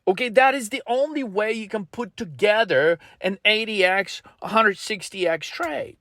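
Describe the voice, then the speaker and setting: A man's voice: high-pitched, moderate pace, sharp tone, no echo. A man coaching traders in a blunt motivational rant, swearing constantly and pushing his viewers hard. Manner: blunt, heavily profane, pushy. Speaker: trading coach.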